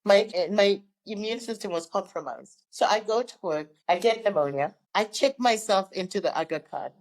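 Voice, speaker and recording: Lively storytelling woman in her fifties. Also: medium pitch, normal speed, low-quality recording. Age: 50s. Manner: vivid storyteller who acts out the people she quotes. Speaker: guest. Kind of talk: personal storytelling in an interview.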